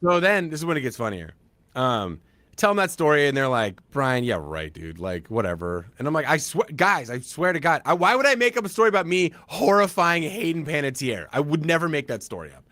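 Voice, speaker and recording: A man in his thirties co-hosting a podcast, telling a story casually and acting out quoted lines loudly. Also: on the high side, fairly quick, dry recording. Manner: animated, acts out quoted lines in a loud raised voice. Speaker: podcast co-host.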